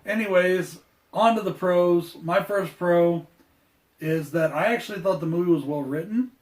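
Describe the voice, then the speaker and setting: A man's voice: high voice, normal speed, darkish tone. A man hosting a casual movie review podcast, talking in an upbeat, rambling way. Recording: roomy, distant mic.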